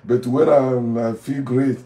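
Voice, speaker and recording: A man's voice: mid-range voice, steady tone, takes it slowly, warm tone. A former pastor with a Nigerian accent delivering a heated, preachy monologue, hammering his points by repeating phrases. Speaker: former pastor turned online commentator. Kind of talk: heated monologue rant to camera. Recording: echoey room, voice from a distance off the mic.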